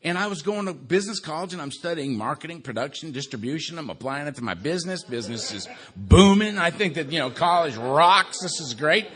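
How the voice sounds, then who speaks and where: A man in his sixties from Los Angeles telling his recovery story at an AA meeting, with wry dark humor, conversational tag questions, and a quieter, subdued delivery for grave memories. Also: a little high, lively intonation, a little fast, few pauses. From Los Angeles, USA. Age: 60s. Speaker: AA speaker. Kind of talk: recovery talk to a live audience.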